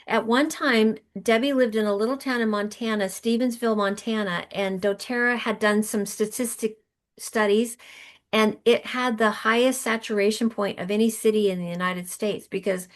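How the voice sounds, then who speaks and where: A woman's voice: fairly high pitch, fairly even intonation, normal speed. A middle-aged woman, a podcast guest, telling her story in an earnest, emotional way with frequent restarts. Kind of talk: conversational storytelling.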